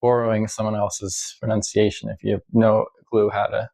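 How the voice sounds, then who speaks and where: A man, a violinist, musing in a casual monologue, hesitant and full of pauses and fillers. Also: fairly low pitch, little pitch movement, gravelly, dark tone, low-quality recording. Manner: slow, hesitant, many ums and uhs. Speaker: violinist vlogger.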